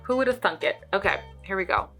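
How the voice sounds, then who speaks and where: A young woman vlogging as she follows a painting tutorial, chatty, playful and excitable. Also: mid-range voice, quick pace, soft background music. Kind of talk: casual reaction commentary.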